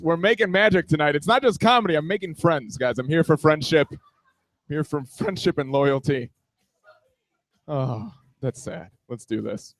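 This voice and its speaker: A man's voice: fairly high pitch, animated, normal speed, long pauses, dry recording. A man in his twenties doing a stand-up comedy set on a small bar stage, self-deprecating and riffing on the room around him. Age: 20s.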